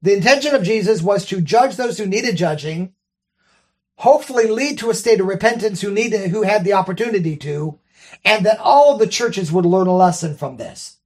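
A Bible study teacher reads scripture and carefully walks through its grammar step by step, often checking in with listeners. The voice sits in the mid range with lively intonation at a normal speed.

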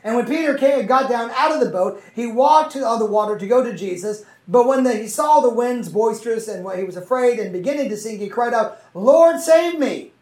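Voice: medium pitch, fairly quick, few pauses, a little mellow. Bible teacher in a roomy, distant recording. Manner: checks in with listeners using tag questions. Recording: roomy, mic far from the speaker.

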